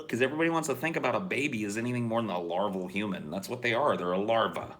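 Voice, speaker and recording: A man co-hosting a podcast, rambling through a profane, deadpan rant in casual chat. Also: lowish voice, very fast, few pauses. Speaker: podcast co-host.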